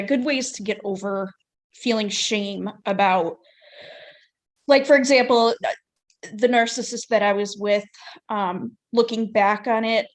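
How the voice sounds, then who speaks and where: A woman in a support group on a video call, asking a personal question while searching for her words. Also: mid-range voice. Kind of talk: casual group discussion.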